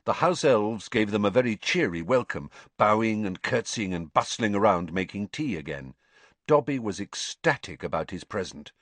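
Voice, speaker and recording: A man reading a children's novel aloud as an audiobook narrator, expressive storytelling. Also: on the low side, moderate pace, dry recording. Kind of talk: scripted narration.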